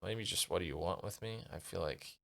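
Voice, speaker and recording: A man's voice: sits low, a little fast, creaky, very noisy. A male streamer reading a gamebook aloud and muttering asides to himself as he decides what to do. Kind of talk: casual narration while playing a gamebook.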